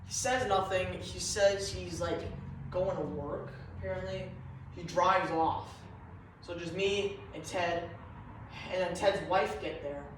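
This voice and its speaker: Guy rambling thru a goofy story, kinda high voice, super echoey room, mic far off. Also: fairly even intonation, slow pace, fairly bright tone, slight background noise. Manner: meandering, confused storytelling.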